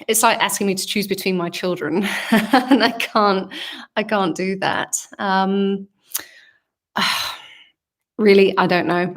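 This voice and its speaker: A singer from England with a southern English accent chats casually on a livestream Q&A, reading fan comments aloud. She answers reflectively and hesitantly with many ums, in a mid-range voice with a fairly bright tone.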